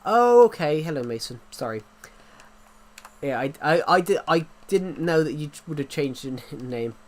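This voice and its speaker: A man's voice: a little high, lively intonation, normal speed. An English man chatting casually on a livestream, rambling with many restarts and fillers, his throat sore. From England. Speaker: livestream host.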